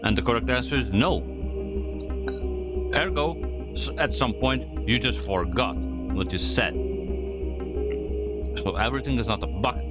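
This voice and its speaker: A man doing let's play commentary, excitable and argumentative, with a hoarse voice he is losing. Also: medium pitch, measured pace, long pauses, loud music behind the voice. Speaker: gaming YouTuber.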